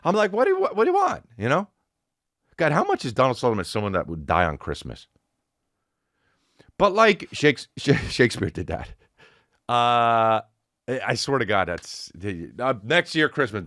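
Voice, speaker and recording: A man's voice: lowish voice, dry recording, studio quality. A man hosting a podcast, ranting in a loose, profane, rambling comedic way. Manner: rambling, profane, animated, breaks into sung snippets. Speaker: podcast host. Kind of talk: casual comedic rant.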